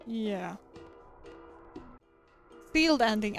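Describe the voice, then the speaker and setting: A woman's voice: fairly high pitch, measured pace, soft background music. A woman streamer giving casual, chatty gameplay commentary, giggling and poking fun at herself. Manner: chatty, giggly, self-mocking.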